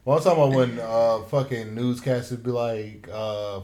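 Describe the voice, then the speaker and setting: A man's voice: mid-range voice, steady tone, moderate pace, a little mellow. A man co-hosting a casual podcast chat, blunt and wisecracking. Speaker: co-host.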